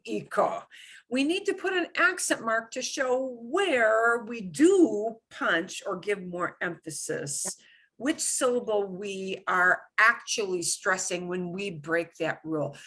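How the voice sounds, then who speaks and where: Animated woman teaching Spanish. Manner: animated, emphatic explaining with sudden high exclamations. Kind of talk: live classroom lesson.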